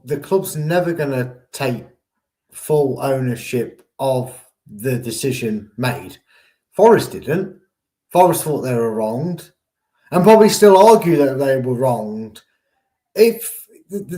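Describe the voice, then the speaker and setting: A man's voice: fairly high pitch, warm tone. A man co-hosting a casual football chat, rambling with jokes and playful made-up euphemisms. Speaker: co-host and pundit. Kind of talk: casual discussion.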